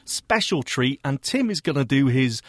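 A man's voice: mid-range voice, big pitch swings, normal speed, dry recording. A man co-hosting a tech radio show in casual chat, teasing his partner and laughing often. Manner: jokey, teasing banter with frequent laughs.

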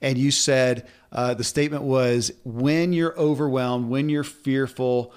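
A man's voice: medium pitch, fairly even intonation, measured pace, smooth. A man hosting a podcast interview, easygoing and affirming. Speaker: podcast host. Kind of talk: conversational interview.

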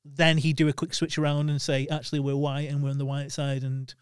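Halting, smooth-voiced English man. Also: fairly high pitch, completely flat delivery, no echo, studio quality. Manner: halting, repeats words while explaining. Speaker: podcast co-host. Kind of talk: casual chat.

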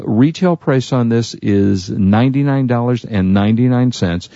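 A man's voice: lowish voice, creaky, mellow, no room sound, highs cut off. A man hosting a technology radio show, talking casually in a rambling, chatty way and correcting himself as he goes. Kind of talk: casual tech radio talk.

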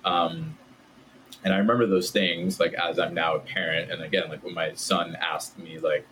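Casting: low-voiced man, loose chatty storyteller, faint hiss behind. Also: normal speed, low-quality recording. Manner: relaxed, many "like" fillers. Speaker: podcast guest. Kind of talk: casual storytelling.

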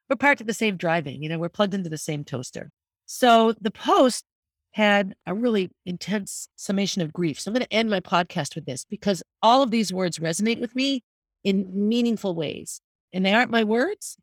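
A woman's voice: medium pitch, no room sound, clean studio sound. A middle-aged woman hosting a podcast, talking candidly and earnestly in a reflective monologue. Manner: candid and earnest, speaking openly about grief. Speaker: podcast host.

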